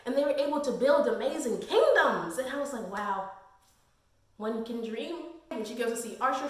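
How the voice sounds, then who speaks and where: A high-voiced woman gushes through a casual book review, slangy and openly fangirling. Her voice rings around a very echoey room.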